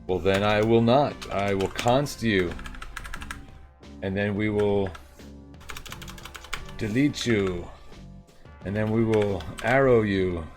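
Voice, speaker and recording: Playful man live-coding, low voice. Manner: playful, reads instructions aloud, jokey asides and sound effects; hammed-up put-on New York twang. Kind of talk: casual live-coding commentary.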